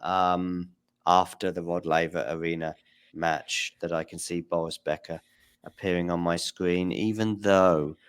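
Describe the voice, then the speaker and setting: A man's voice: low voice, fairly even intonation, unhurried, clean tone. A man hosting a casual tennis talk stream, rambling a little and thanking viewers in the chat by name over a remote call.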